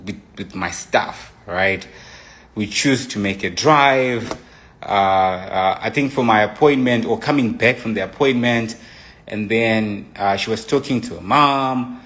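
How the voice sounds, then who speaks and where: A man's voice: mid-range voice, a bit bright. A young man casually telling a personal relationship story, rambling with many restarts and frequent asides. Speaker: guest telling his side of a breakup.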